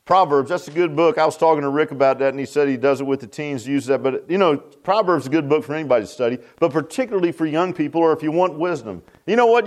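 Man, preacher, high voice, folksy sermon, emphatic swoops.

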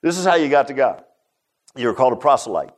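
A man preaching a conversational sermon, firing rhetorical questions and swinging between loud and hushed. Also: medium pitch, animated, fast.

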